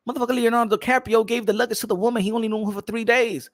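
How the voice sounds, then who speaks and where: A man's voice: extremely high pitch, fairly even intonation, rapid-fire, few pauses, dry recording. A man hosting a boxing talk show, ranting comedically with lots of profanity and laughter between lines. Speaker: boxing podcast host. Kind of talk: comedic rant.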